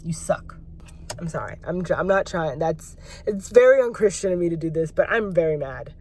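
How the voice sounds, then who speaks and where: A woman's voice: fairly low pitch, animated, brisk, darkish tone, a little hiss or hum. Exasperated woman venting in a vlog. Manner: venting, exasperated, rambling with many "like"s. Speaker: vlogger. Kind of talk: personal vlog rant.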